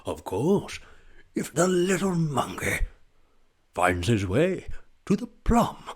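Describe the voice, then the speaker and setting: A man doing a slightly raspy, sing-song impression of an elderly nature documentary narrator. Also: a little high, sing-song, slow pace, voice pushed up, exaggerated voice. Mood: documentary hush.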